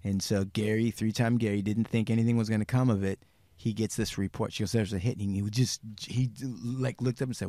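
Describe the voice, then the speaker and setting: A podcast host with a medium-pitched male voice tells a true crime story in a casual, chatty way. He's animated, acts out the people he quotes, swears freely, and speeds up and slows down as he goes. The sound is clean studio audio with no echo.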